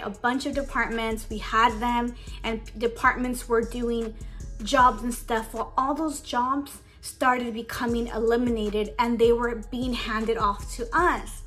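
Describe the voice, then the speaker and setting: A young woman with a slightly high voice talks casually about her old job, saying "like" over and over. She is emotional and on the verge of tears as she vents. Faint music plays softly underneath. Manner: emotional, holding back tears; casual, says "like" a lot. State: tearful. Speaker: beauty vlogger. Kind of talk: get-ready-with-me storytime.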